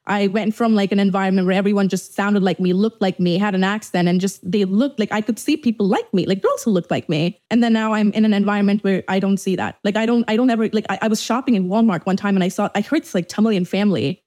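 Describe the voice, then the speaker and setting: A young woman from Dubai tumbles through her story at a rapid clip, words spilling over each other. She talks frankly and swears freely, restarting her sentences and leaning on "like" as she goes. It has the loose feel of an unscripted confessional podcast. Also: mid-range voice, darkish tone. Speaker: podcast host. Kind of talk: candid confessional monologue.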